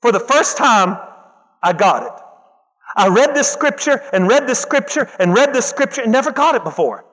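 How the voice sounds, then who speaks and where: High-voiced emphatic male preacher. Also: animated, moderate pace, fairly bright tone, big-room sound, rough recording. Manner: emphatic, repeats phrases for effect, calls out to the congregation. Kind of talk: sermon.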